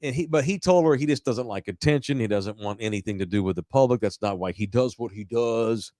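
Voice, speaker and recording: A man's voice: lowish voice, fairly quick. A man, co-hosting a podcast and telling stories with lots of cursing and acted-out quotes. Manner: animated storytelling, acting out quotes, profane. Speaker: podcast co-host. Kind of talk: casual chat.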